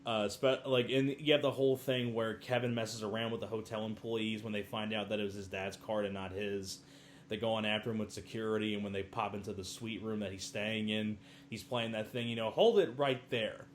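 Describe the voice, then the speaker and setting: A man's voice: lowish voice, flat delivery, fairly quick, slight background noise. A man giving a casual movie review, chatty, laughing often and acting out quotes from the film.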